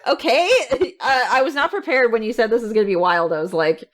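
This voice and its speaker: A woman co-hosting a podcast in casual chat, animated and exclamatory, laughing often. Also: fairly high pitch, brisk. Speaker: podcast co-host.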